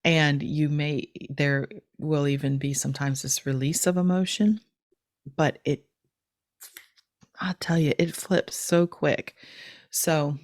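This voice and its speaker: Low-voiced middle-aged woman explaining gently. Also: fairly even intonation, slow, no room sound, studio quality. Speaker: podcast host teaching a technique. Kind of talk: casual instructional chat.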